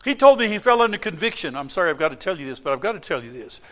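A man preaching a sermon in a church, swinging from loud impassioned cries to quiet asides. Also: on the high side, big pitch swings, very fast. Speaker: pastor.

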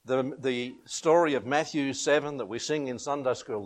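A man's voice: medium pitch, normal speed, hardly any pauses. A man preaching a sermon, chuckling often and rising and falling for emphasis.

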